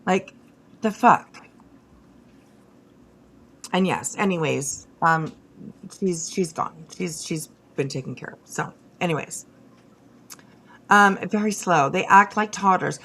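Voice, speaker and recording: A woman's voice: lowish voice, slow pace, long pauses, a bit bright. A woman hosting a casual livestream, talking straight to her viewers in a blunt, profane rant full of restarts. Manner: many fillers and restarts, talks to chat. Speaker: livestream host.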